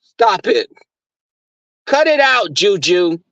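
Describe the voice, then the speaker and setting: A man's voice: high-pitched, sing-song, takes it slowly, gravelly, fairly bright tone, dry recording, dull audio, pitched above the performer's own voice, full character voice. A man putting on a prim, proper voice to scold a barking dog, clipped like a strict schoolteacher.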